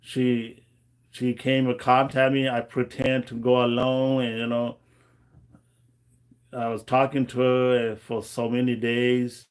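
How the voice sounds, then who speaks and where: A man's voice: mid-range voice, monotone, slow pace, clear, resonant tone. A man, rambling through a casual livestream chat with many fillers. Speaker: livestream host.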